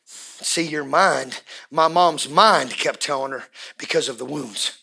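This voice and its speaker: High, bright-voiced preaching pastor. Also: male voice, takes it slowly, gravelly, husky. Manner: swings from hushed near-whisper to shouting; repetitive preaching refrains, pushes congregation to respond. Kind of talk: sermon.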